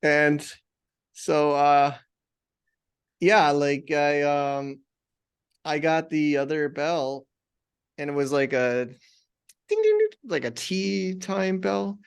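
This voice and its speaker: Give me a male podcast guest recounting a story in halting, animated bursts. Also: fairly high pitch, vocal fry, smooth. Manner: halting, many restarts, animated retelling. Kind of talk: conversational storytelling.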